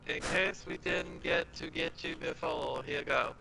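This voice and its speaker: A man's voice: rumbling low, huge pitch swings, a little slow, vocal fry, background noise. A man joking with friends in loose banter, laughing and throwing mocking jabs. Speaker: friend in group chat. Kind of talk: casual banter.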